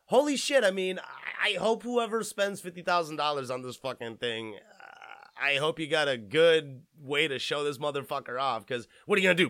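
A young man hosts a podcast in a voice that's on the high side and fairly bright, at a moderate pace, studio quality with no echo. He rants casually, rambling, swearing freely and mocking.

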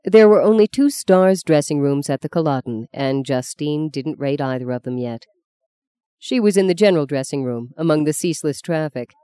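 Woman, audiobook narrator, measured storytelling, low dark voice, dry close mic. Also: expressive, clean tone, no room sound.

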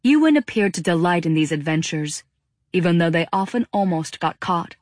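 A woman narrating an audiobook with a steady, even reading. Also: lowish voice, normal speed, no room sound, studio quality. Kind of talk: scripted narration.

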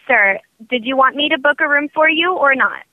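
Woman, reservation clerk, high voice, impatient, tinny phone line, dry. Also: normal speed, dry recording. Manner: impatient, businesslike. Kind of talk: recorded prank phone call.

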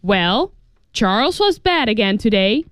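Cocky little boy talking back to his dad, cold and offhand, read by a woman, smooth tone. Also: mid-range voice, very animated, measured pace, a bit bright, dry recording, studio quality.

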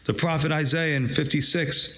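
A man's voice: a little high, fairly even intonation, moderate pace, a bit bright. A man preaching a sermon, reading scripture aloud and drawing out its lesson with rising emphasis. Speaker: pastor.

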